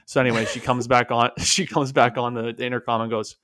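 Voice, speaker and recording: A man's voice: medium pitch, level tone, fast, fairly bright tone, no echo, studio quality. A man co-hosting a podcast, telling a story in casual chat and acting out the dialogue. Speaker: podcast co-host.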